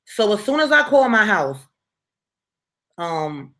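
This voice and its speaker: Animated, blunt woman telling a live story. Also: medium pitch, slow pace. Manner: animated, blunt, profane, keeps asking "right?". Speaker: storyteller, channel host.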